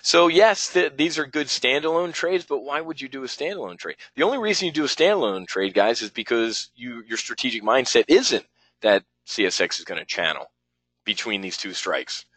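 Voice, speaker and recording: A man's voice: mid-range voice, expressive, moderate pace, fairly bright tone, no room sound, rough recording. A man running a live options trading webinar, talking bluntly and rambling with some profanity as he works through trades on screen.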